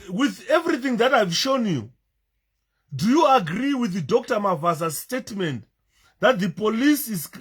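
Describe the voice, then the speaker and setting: A man's voice: high-pitched, breathy edge. A man giving emotional commentary over video clips, repeating himself with great emphasis. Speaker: political commentator.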